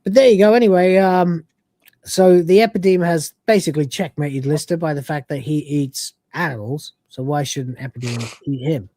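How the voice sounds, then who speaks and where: Rambling male podcast host, mellow tone. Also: on the high side, normal speed, dry recording. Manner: rambling with many fillers, acts out quoted lines. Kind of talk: casual review chat.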